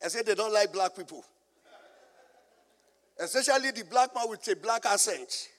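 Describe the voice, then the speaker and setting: Nigerian pastor, very high pitch, sermon with call-and-response and humor, big reverberant hall. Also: male voice, lively intonation, moderate pace, fairly bright tone. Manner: call-and-response preaching, asking the congregation to finish his lines; storytelling with humor.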